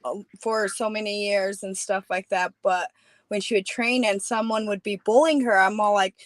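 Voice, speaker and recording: A woman from New Mexico, a fighter guesting on a podcast, chatty and quick to laugh. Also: medium pitch, steady tone, dry recording, poor audio. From New Mexico, USA. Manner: chatty, laughs often, "you know what I mean". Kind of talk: casual interview chat.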